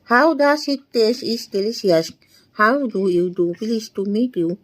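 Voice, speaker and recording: Slow-paced woman tutor reading drills. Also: a little high, animated, low-quality recording. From India. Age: 20s. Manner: slow, deliberate reading of short sentences with small laughs. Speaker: English tutor. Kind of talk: reading out practice sentences.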